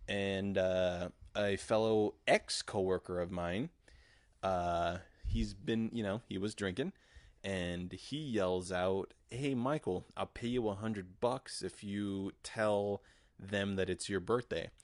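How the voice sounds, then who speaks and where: Brief: young male podcaster, low voice, dry close mic, rambling and profane with lots of "uh" and "like". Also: slow, no echo. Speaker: podcast host. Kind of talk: casual storytelling monologue.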